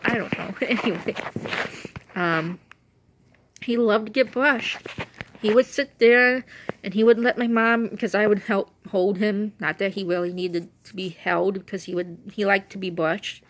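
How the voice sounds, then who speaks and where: A woman's voice: mid-range voice, steady tone, measured pace, a little hiss or hum. Chatty woman with a runny nose. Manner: chatty, meandering, laughs often. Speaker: vlogger telling stories about her late dog. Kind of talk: casual rambling storytelling.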